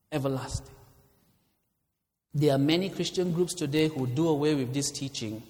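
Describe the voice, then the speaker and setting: High-voiced preacher in a reverberant hall. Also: male voice. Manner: emphatic, swings between loud declarations and hushed asides. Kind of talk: fiery sermon.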